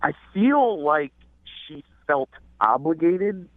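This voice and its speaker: A man's voice: fairly high pitch, animated, slow pace, dry recording. A man calling in to a radio show, telling his story hesitantly with many fillers and restarts. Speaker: caller. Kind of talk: phone call to a radio show. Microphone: phone. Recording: phone line, dry.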